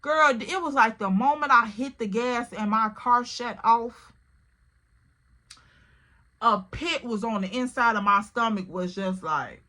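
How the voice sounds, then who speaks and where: Speaking a little slowly in a bright, forceful, somewhat high voice, a storytime vlogger opens up to her viewers about a personal experience. Her delivery is casual, emotional and candid; "like" and "literally" come up again and again, and she keeps calling the listener "girl."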